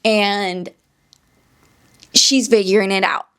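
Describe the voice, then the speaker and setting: A woman's voice: mid-range voice, steady tone, slow, fairly bright tone, smooth. A woman hosting her own podcast, telling a story casually and rambling off into tangents. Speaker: podcast host.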